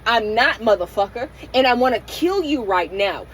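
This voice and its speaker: A middle-aged woman talks straight into her phone from inside her van, her voice sitting a little high for a woman. She vents raw and profane, stumbling into restarts as her feelings pour out. A faint hum of noise sits behind her. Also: expressive, normal speed, rough recording. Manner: raw, emotional, profane venting with many restarts. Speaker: van-life vlogger. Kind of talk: candid late-night vlog rant.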